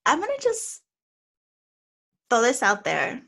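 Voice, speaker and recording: A woman hosting a podcast, chatting affectionately with a close friend in quick bursts. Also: fairly high pitch, wildly swooping pitch, creaky, bright, forceful tone. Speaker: podcast host. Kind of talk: casual chat.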